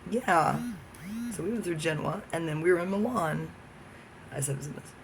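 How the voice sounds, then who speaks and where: Male vlogger, somewhat high and gravelly, rambling profane solo rant. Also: normal speed, noisy background. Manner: profane, jumping from topic to topic.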